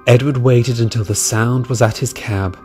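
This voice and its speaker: A man narrating a storybook tale in a measured, calm way. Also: mid-range voice, faint music behind.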